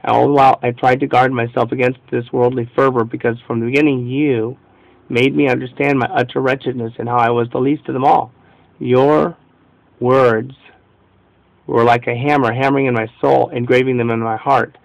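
A man's voice: medium pitch, flat delivery, moderate pace, creaky, no echo, close to an everyday voice, poor audio. A man reading the prayer of a humble, devout woman mystic in an earnest, fervent devotional reading.

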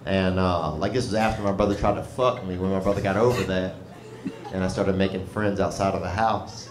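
A low, steady male voice moves briskly through a relaxed, wandering comedy set, drawling in Southern slang. He's on stage at a comedy club, where the roomy space carries background noise and bursts of audience laughter.

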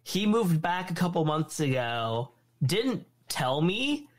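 A man co-hosting a casual podcast, reacting to stories with quick exclamations. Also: a little high, sing-song. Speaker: podcast co-host.

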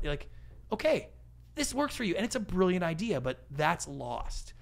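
A middle-aged man speaks as a guest on an interview podcast, with a gravelly, creaky edge on his voice. He talks casually and animatedly and slips into the voices of the people he quotes. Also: high voice, sing-song, normal speed. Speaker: guest, pitch expert.

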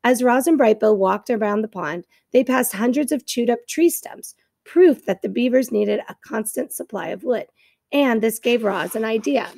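Woman reading a storybook, gravelly tone. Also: a little high, moderate pace, no echo. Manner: steady narration with small slips and self-corrections. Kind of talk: reading a chapter book aloud.

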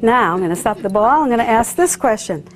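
A woman's voice: on the high side, expressive, a little fast, slight background noise. Coaxing woman hypnotist with an audience. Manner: coaxing, sing-song repetition. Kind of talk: live stage demonstration. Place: room with a live audience.

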